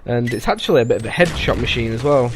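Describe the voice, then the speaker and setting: A man giving casual, rambling voice-over commentary on his own gameplay, pausing often with "uh" and restarting sentences. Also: mid-range voice, animated, background noise. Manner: rambling, halting, with frequent "uh" and restarts. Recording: voice-over with loud game gunfire underneath.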